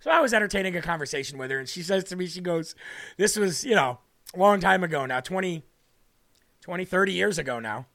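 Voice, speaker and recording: A man with a raspy, bullfrog-like voice talks in a loose, rambling way as he hosts his show. His voice sits high for a man and has a gravelly, fry-filled edge. He addresses his viewers casually and drifts from one point to the next. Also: animated, quick pace, a bit bright. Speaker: host. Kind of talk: casual livestream talk.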